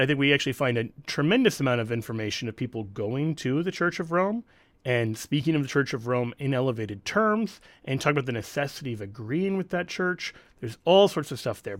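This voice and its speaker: Lively, emphatic man teaching scripture. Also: medium pitch, no room sound. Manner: emphatic, explains step by step with quick asides. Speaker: Catholic Bible teacher.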